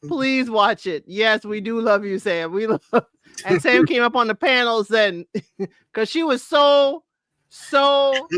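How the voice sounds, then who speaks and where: A co-host in a casual livestream chat, speaking at a middle pitch and recapping episodes with frequent ums. The voice is close and dry, with no room sound. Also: slow pace, a bit bright, clear, resonant tone, no room sound. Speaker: podcast co-host.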